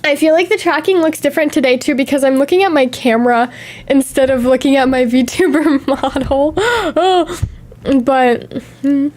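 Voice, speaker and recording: A young woman streamer in casual chat, telling stories in a chatty, animated way with gasps and laughs. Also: high-pitched, moderate pace. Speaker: VTuber streamer.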